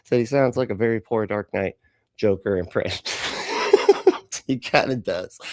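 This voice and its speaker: A man hosts a live stream in casual chat, cracking sarcastic jokes and laughing a lot. His voice sits low and has a gravelly, fried texture. The sound is dry and close. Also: expressive, normal speed, a little mellow, dry recording. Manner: joking, sarcastic, laughs often; greets chatters by name. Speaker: host of a reaction stream.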